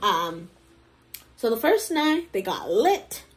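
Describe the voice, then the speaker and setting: A woman hosting casual commentary on a story, chatty and animated, often laughing and acting out what her friends say. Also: a little high, slow. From Jamaican heritage. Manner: animated, laughing, acts out friends in quoted voices. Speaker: commentary host.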